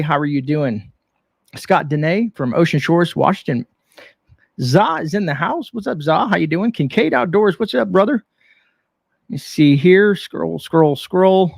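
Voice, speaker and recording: Gravelly Canadian-raised man hosting a live stream. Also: fairly high pitch, no room sound. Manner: friendly, reads out viewer names. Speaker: host.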